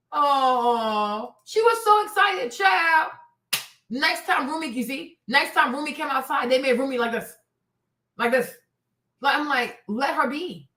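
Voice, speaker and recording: Female commentary host, sharp and animated, calling out to her viewers in an echoey room. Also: high-pitched, distant mic. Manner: animated, talks to viewers directly, bursts into excited shouts. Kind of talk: casual celebrity gossip commentary.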